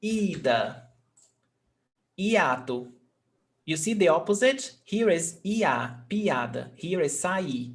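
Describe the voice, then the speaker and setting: A man's voice: a little high, expressive, slow. A male Portuguese teacher giving an online lesson, patiently explaining grammar rules step by step and often checking that his student understands.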